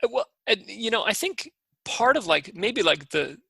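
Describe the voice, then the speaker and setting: A man's voice: sits high, big pitch swings, normal speed, creaky, pushed and bright, husky, no echo, poor audio. A man co-hosting a podcast, talking about faith in an earnest, eager way and often restarting his sentences. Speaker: podcast co-host. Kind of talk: casual faith discussion.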